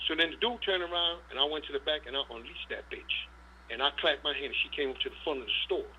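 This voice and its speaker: A man's voice: fairly high pitch, fast talker, sharp tone, slight background noise. A middle-aged man, a dog breeder guest, telling long rambling stories in an interview, swearing freely and often saying "you know what I'm saying". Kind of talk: casual storytelling interview. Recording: dull lo-fi sound.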